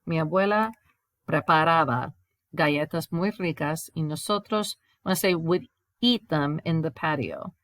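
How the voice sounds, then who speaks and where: A woman's voice: low-pitched, normal speed, dry recording. A woman teacher recording a grammar lesson over slides, explaining step by step and reading example sentences aloud before translating them. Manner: explains step by step, reads examples in Spanish then English. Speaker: Spanish teacher.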